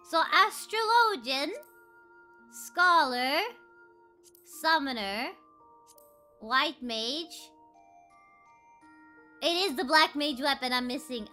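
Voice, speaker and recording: Very high-pitched excitable streamer woman. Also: slow, long pauses. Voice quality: very high, cutesy voice. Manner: excitable, squeals and bursts of loud shouting; playful, puts on mock-dramatic lines. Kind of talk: casual gaming stream chatter. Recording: faint music behind the voice.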